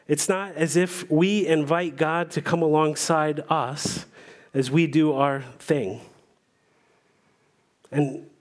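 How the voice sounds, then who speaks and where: Pastor, man, preaching a sermon: earnest, measured, fairly high-pitched. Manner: earnest, measured preaching with pauses and small restarts.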